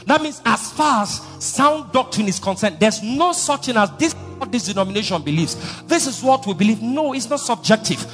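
A preacher delivers a fervent sermon in a high, lively voice that leaps up and down. His words ring through a large hall with a long reverb, and soft music plays faintly underneath. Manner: fervent, emphatic, repeats phrases for emphasis.

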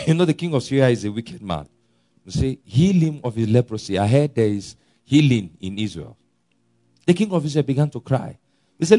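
A male preacher delivering an emphatic sermon. His pitch leaps and drops in lively swings, from ringing loud declarations down to hushed, low asides. He chuckles often between points. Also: normal speed. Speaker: pastor.

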